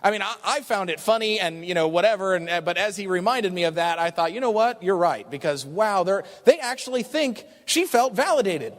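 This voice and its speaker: A man telling an animated story to an audience at a business talk, chatty and often asking "right?". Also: sits high, brisk, hardly any pauses. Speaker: business opportunity speaker. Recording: long reverb of a large hall.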